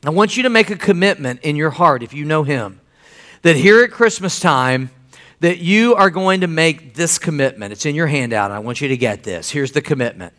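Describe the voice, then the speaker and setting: High, bright-voiced man preaching a sermon. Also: moderate pace. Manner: animated storytelling, acting out quoted dialogue. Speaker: pastor.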